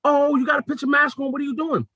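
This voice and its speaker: A woman's voice: high-pitched, steady tone, fast, a bit bright, no room sound, highs cut off, pitched above the performer's own voice. A man putting on the voice of a stern woman who scolds people about masks. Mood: scolding. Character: stern woman enforcing library mask rules.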